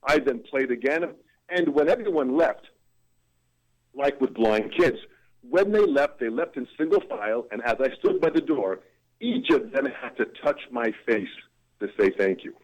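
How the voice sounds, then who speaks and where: An ebullient man spinning a story as an interview guest, his voice leaping up and dropping low as he builds the drama. His pitch sits at a middle height for a man, and he leans hard into each turn of the tale. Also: very animated, moderate pace, low-quality recording. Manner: ebullient, dramatic vocal swings. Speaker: guest drummer and motivational speaker.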